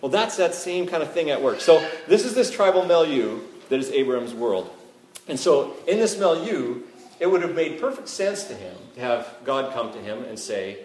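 A man's voice: fairly high pitch, animated, moderate pace, a little mellow. A Canadian man preaching a sermon in a conversational way, often checking in with the listeners. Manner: conversational, asks "right?" often. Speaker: pastor. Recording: echoey room, faint ambience.

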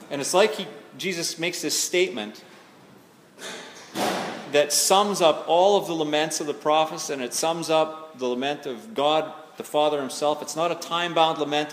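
A man's voice: a little high, a little hiss or hum. A man preaching a sermon in a conversational, reflective way, building to emphatic readings of scripture. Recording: echoey hall with faint ambience.

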